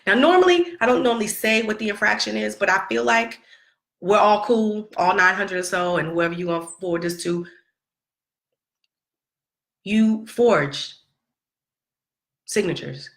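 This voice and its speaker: A woman's voice: mid-range voice, a little slow, creaky, pauses often, fairly bright tone, roomy sound. A middle-aged woman venting to her viewers about her son, emphatic and sassy, repeating herself for effect. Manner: emphatic, repetitive, sassy, talks straight to the camera. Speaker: vlogger and mother. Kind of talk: casual storytelling vlog to viewers.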